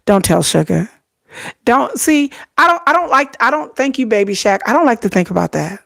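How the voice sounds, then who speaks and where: A woman's voice: a little high, sing-song, moderate pace, creaky, a bit bright. A middle-aged woman hosting a casual livestream, telling stories with lots of laughter and casual swearing. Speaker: K-pop commentary livestream host.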